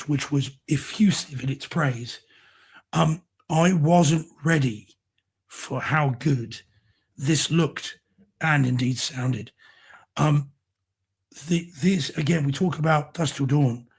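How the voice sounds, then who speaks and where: A man co-hosting a casual home theater chat show, his voice going hoarse, talking with enthusiasm about films and discs. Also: fairly high pitch, a little mellow. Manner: enthusiastic, effusive. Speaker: co-host.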